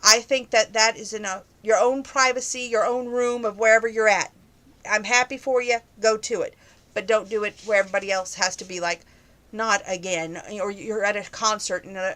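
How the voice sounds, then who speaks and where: A woman's voice: medium pitch, fairly even intonation, a little fast, a bit bright. A young woman answering viewer questions in a casual, opinionated chat that grows heated on some topics.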